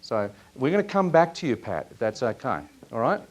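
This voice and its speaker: A man's voice: mid-range voice, brisk. Man leading a live workshop. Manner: questioning, lively, asks audience members. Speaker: workshop presenter. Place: seminar room.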